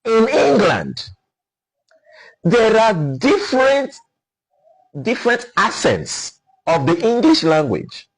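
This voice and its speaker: A man's voice: sits high, wildly swooping pitch, takes it slowly, pauses often, low-quality recording. A middle-aged Nigerian man with a Nigerian accent, a guest explaining things in a lecturing way and sounding out example words. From Nigeria (Ukwuani, Delta). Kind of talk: explaining conversation.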